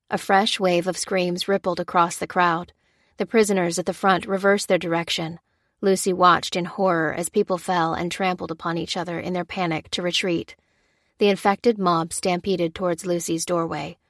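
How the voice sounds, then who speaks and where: A woman narrating a scripted story in a steady, even storytelling manner. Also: on the low side, dry recording, clean studio sound. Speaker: audiobook narrator.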